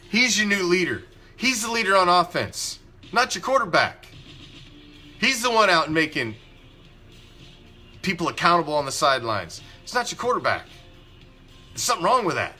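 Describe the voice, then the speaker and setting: Casting: fiery male fan-show host, bright forceful voice, angry profane rant, faint music underneath. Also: sits high, big pitch swings, moderate pace, long pauses. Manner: angry, profane, emphatic ranting with repetition. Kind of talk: ranting live sports commentary.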